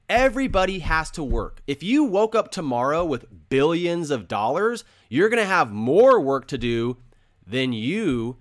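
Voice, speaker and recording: A man's voice: on the high side, sing-song, a little slow. A man hosting a crypto channel, talking casually and earnestly and repeating phrases for emphasis while he explains with drawings.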